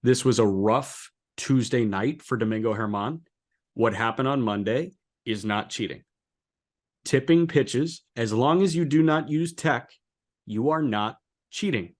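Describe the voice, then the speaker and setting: A man co-hosting a casual sports podcast, talking in an animated, incredulous way and jumping to high, emphatic pitch when he makes a point. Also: measured pace. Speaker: co-host.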